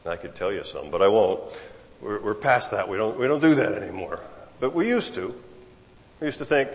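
A male preacher gives a sermon in an easy, conversational way, often repeating words as he builds a point. His pitch swings widely and stays animated. The voice echoes with the long reverb of a large hall. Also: normal speed.

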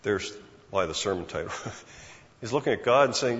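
A man's voice: medium pitch, animated, normal speed, pauses often, a bit bright. Man preaching a sermon in a reverberant hall. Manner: asks the congregation rhetorical questions; acts out imagined speakers' thoughts. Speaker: pastor. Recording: long hall reverb, dull lo-fi sound.

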